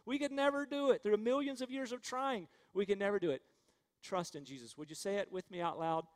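A man's voice: high-pitched, brisk, big-room sound. A man preaching a sermon as pastor, earnest and full of rhetorical questions, leading the congregation to repeat phrases after him. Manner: earnest, rhetorical questions, leads the crowd in call-and-response.

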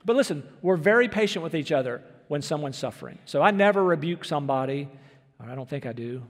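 A high-pitched man preaching in an earnest, emphatic manner, pressing his congregation with question after question. His voice rings out with a long reverb from the church hall around him. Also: expressive, fast talker. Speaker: pastor. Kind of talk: sermon.

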